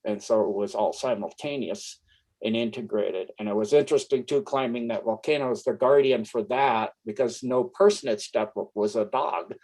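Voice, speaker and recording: Guy in his 60s, warm mellow voice, rambly storytelling with lots of little laughs. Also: fairly low pitch, moderate pace, low-quality recording. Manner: rambling, laughs often between phrases. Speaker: interview guest. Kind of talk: casual anecdotal storytelling.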